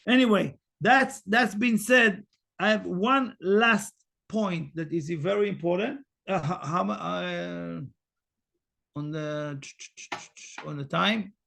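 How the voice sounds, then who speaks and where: A man giving a Torah portion lesson, emphatic and repetitive, swinging from loud urging to hushed, near-whispered asides, halting now and then on fillers. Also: high-pitched, gravelly. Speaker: spiritual teacher.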